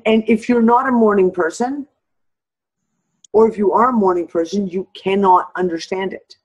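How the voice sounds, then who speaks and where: Woman, middle-aged, host, husky, agreeable, explains at length. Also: fairly low pitch, dull audio. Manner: agreeable, drawn-out explaining, frequent "yep". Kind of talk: casual chat.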